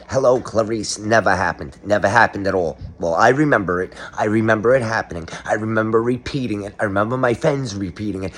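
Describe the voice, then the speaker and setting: Man, middle-aged, low voice, mock-conspiratorial comedy rant, sarcastic. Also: a bit bright, slight background noise. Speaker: comedic commentator. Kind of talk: comedic monologue.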